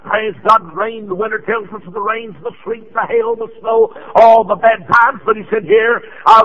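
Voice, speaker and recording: An older man from Tennessee, preaching a revival sermon with fervent rises into shouts and frequent "uh" fillers. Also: high-pitched, steady tone, moderate pace, hardly any pauses, dull audio. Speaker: evangelist preacher.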